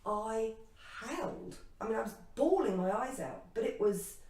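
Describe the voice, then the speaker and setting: A woman co-hosting a casual spiritual chat show, telling a personal travel story with lively acted-out reactions and laughter. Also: on the high side, moderate pace. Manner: animated, acts out her own past reactions with laughter. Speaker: co-host. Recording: echoey room, distant mic.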